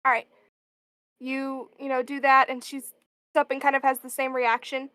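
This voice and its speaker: High-pitched woman running a tabletop game, casual, stops to find words, dry close mic. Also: flat delivery, normal speed, fairly bright tone, smooth, dry recording, poor audio. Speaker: game master.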